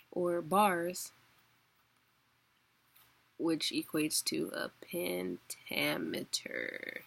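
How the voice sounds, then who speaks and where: Casting note: young woman, casual online teacher, gravelly low voice, unhurried. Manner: relaxed, chatty, laughs often, fillers like "like" and "um". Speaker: teacher of a weekly online class. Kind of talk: casual spoken lesson.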